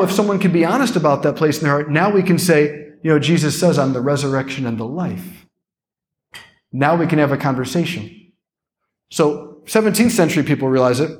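A young adult man, a priest, giving an animated, conversational keynote with playful asides. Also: a little high, a little fast. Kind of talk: keynote talk.

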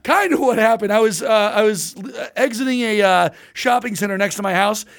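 A man's voice: high-pitched, a little fast, gravelly. A man co-hosting a casual comedy podcast who rants in an indignant, contrarian way. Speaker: podcast co-host. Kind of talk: casual chat.

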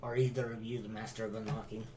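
A man's voice: lowish voice, flat delivery, quick pace, crowd noise. A man playing a tabletop game, easygoing and chuckling with friends. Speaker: player. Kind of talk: casual tabletop play. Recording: background music.

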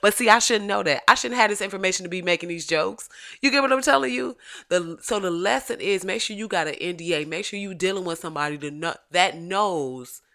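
A woman hosting a gossip podcast in loose, off-the-cuff chat. Her voice is bright and sharp, and her delivery is animated, salty and full of laughs. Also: lowish voice, fairly quick, vocal fry. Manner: animated, profane and joking, laughs often. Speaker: podcast host. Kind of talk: casual celebrity gossip commentary.

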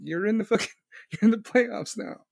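Male streamer, profane and rambling; fairly high voice, close and dry. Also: normal speed, gravelly, a little mellow, no echo. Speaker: livestream host. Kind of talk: casual livestream chat.

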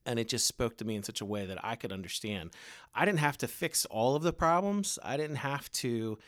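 A man as a podcast guest, telling a story in an earnest, halting way, with restarts and soft trailing ends. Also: medium pitch, expressive, dry recording, studio quality. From Baltimore area. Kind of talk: casual storytelling in a podcast interview.

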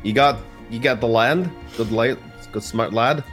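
A man voicing a gruff older farmer father with a wobbly Scottish accent that slips toward Russian, boisterous and loud. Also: medium pitch, a little slow, faint music behind, natural voice. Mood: hearty. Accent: Scottish, drifting Russian.

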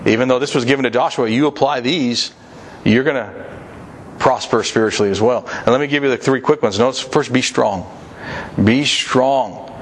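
A man's voice: mid-range voice, a little fast, a little hiss or hum. A man preaching a sermon, reading scripture and urging listeners in an earnest, repetitive way.

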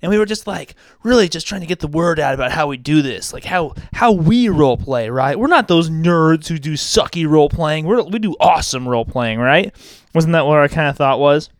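A young man co-hosting a podcast, joking loudly and swearing freely in casual chat. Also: fairly high pitch, expressive, brisk, no room sound, clean studio sound. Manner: profane, boisterous, joking. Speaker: podcast co-host.

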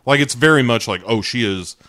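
A man's voice: mid-range voice, a little fast, bright, forceful tone, dry recording, studio quality. A man in casual podcast chat, recapping a TV scene in a playful way and often laughing.

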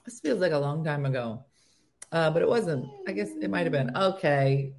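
Animated woman host with a low voice. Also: moderate pace. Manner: animated, gasping and acting out quotes. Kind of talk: casual morning show chat.

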